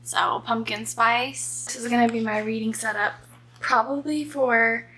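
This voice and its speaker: A woman chatting excitedly as she recaps a book for her vlog, with the odd breathy whispered aside, filmed at home on a tripod camera. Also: fairly high pitch, measured pace. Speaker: book vlogger. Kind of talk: casual reading vlog chat. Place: home reading nook, indoors. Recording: roomy echo with faint background noise.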